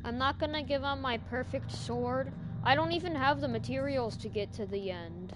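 A woman chatting casually over her own gameplay, often mumbling quietly to herself and greeting the creatures in the game. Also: high voice, moderate pace, noisy background. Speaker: gaming streamer. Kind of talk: casual let's-play commentary. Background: loud game music.

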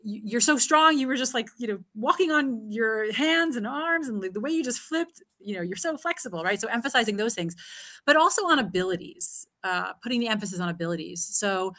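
Woman, parenting speaker, live Q&A, bright tone, earnest, many fillers. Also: on the high side, animated, brisk. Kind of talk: live Q&A answer.

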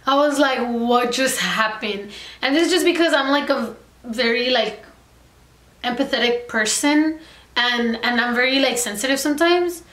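A woman's voice: a little high, normal speed. A young woman vlogger telling a storytime in a chatty way, full of "like" fillers. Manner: chatty, heavy filler "like", animated retelling. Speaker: makeup artist and beauty vlogger. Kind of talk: casual storytime chat. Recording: echoey room.

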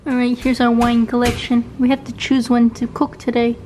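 A woman's voice: a little high, level tone, normal speed, darkish tone, low-quality recording. A woman chatting casually in a home vlog from her kitchen, giggly and hiccuping as she talks. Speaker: vlogger. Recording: home video with audible kitchen noise.

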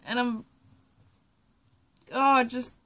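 A young woman on a reaction vlog, choked up and tearful, talking in halting, broken sentences that trail off, with plenty of swearing. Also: fairly high pitch, steady tone, a bit bright. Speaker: vlogger.

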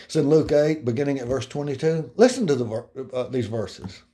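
A middle-aged male pastor preaching a sermon in an earnest, conversational way, slowing down to read scripture aloud and breaking into personal asides. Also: medium pitch, expressive, dark tone.

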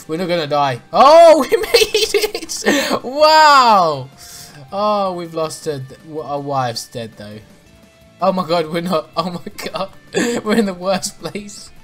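A man commentating a video game as he plays, swearing often, laughing and yelping in panic. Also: medium pitch. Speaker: gaming YouTuber. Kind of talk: let's play commentary.

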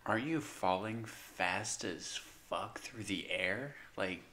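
A man's voice: fairly low pitch, animated, sharp tone. A young man co-hosting a casual podcast, talking hesitantly with fillers. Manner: slow, hesitant delivery with fillers. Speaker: podcast co-host. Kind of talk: casual chat.

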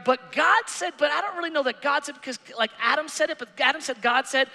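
A pastor preaching an animated, conversational sermon with playful asides. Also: male voice, very high-pitched, normal speed, in a large hall. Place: church sanctuary.

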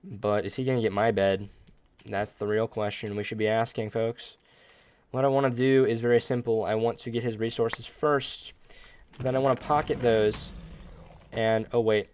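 A man hosting a gaming video, chatting casually and upbeat while he plays, with sudden loud outbursts and playful groans. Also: lowish voice, steady tone, moderate pace, clear, resonant tone. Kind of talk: casual gameplay commentary.

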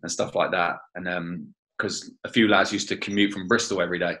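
Deep, bright-toned man reminiscing. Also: fairly even intonation, fairly quick, rough recording. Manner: chatty, fills with "you know" and "like that, like". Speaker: former teammate. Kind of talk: reminiscing interview.

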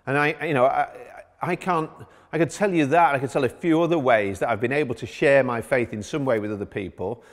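Middle-aged pastor in an echoing hall. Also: male voice, medium pitch, fairly quick. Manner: conversational storytelling. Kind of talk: sermon. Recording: long hall reverb.

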